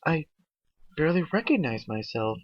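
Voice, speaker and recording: A man's voice: on the high side, very animated, normal speed, no echo, voice pushed up. An earnest young unicorn mare, voiced by a man asks her questions in a voice raised well above his own. She sounds bookish and a little lost. The sound is dull and dry, from a cheap home mic. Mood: amazed. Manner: puzzled, questioning.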